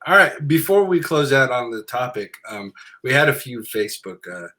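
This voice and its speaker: A middle-aged man hosting a podcast, relaxed and hesitant with many fillers, reading out listener comments. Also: mid-range voice, moderate pace. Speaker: podcast host. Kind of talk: casual chat.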